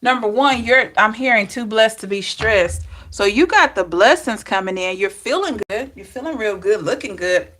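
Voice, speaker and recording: A woman's voice: mid-range voice, expressive, normal speed, hardly any pauses, a bit bright. A middle-aged woman with a Southern drawl giving a chatty live-stream tarot reading, laughing and greeting her viewers. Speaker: tarot reader.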